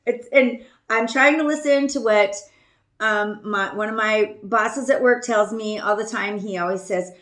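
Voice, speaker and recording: A woman with a mid-range, fairly bright voice hosts a podcast, speaking at a moderate pace in a reverberant space. She tells a casual story in a chatty, self-deprecating way, laughing often and trailing off with ums.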